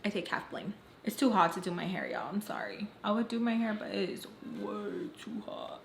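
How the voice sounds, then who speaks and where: A woman recounts a storytime for her vlog in an emphatic, candid way, not shy of blunt swearing. Her voice sits at an ordinary middle pitch. It is recorded in a roomy, echoing space with a faint hiss underneath. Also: normal speed, gravelly. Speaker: vlogger. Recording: roomy echo, faint background noise.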